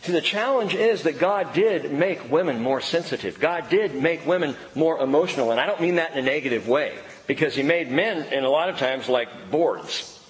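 A middle-aged man delivers a sermon with lively, swooping pitch and playful asides. His voice sits a bit high for a man. The sound carries a long reverb from a large hall. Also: normal speed. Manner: animated preaching with playful asides. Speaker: pastor.

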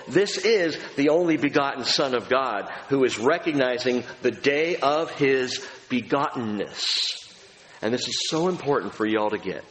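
A male pastor delivers a sermon with a very lively, swooping pitch, leaning on slow, stressed phrases as he builds. His voice sits a touch higher than most men's. The sound carries a long reverb from a large hall. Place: large auditorium.

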